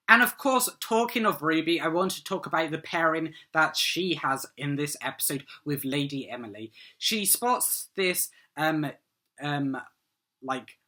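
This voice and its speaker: Bright-voiced man rambling through a review. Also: medium pitch. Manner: rambling, full of "um" and "like", eager. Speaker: TV episode reviewer. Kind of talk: casual solo review monologue.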